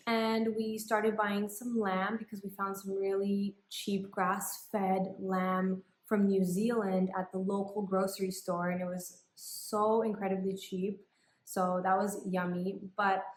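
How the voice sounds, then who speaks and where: Chatty woman vlogging in echoey room. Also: mid-range voice. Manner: chatty, many "like" and "um" fillers, animated retelling. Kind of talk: casual personal story.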